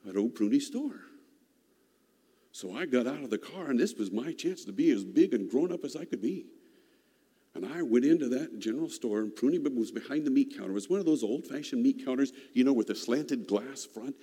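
Mellow-voiced man telling a folksy story. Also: mid-range voice, breathy edge. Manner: folksy, unhurried, reflective. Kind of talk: personal storytelling. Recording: long hall reverb.

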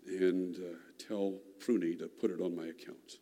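A man doing a weary, quiet farmer father. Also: sits low, little pitch movement, unhurried, pitched below the performer's own voice. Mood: somber. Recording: long hall reverb.

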